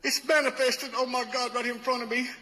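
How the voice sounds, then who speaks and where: Man, ghost hunter, bright pleading voice, echoey abandoned hall. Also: very high-pitched, fast talker. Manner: breathless, pleading, excitable. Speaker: ghost hunter filming alone. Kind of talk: live paranormal investigation. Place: abandoned building, indoors.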